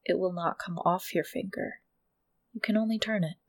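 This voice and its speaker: A woman narrating a tabletop game as game master in a slow, low-key descriptive way. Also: steady tone, no room sound.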